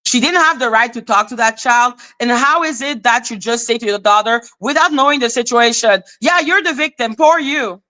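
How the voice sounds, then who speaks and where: Blunt, bright-voiced woman livestreamer. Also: on the high side, a little fast, few pauses. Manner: blunt, swears freely, animated. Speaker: live commentary channel host; former teacher. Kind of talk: casual livestream commentary.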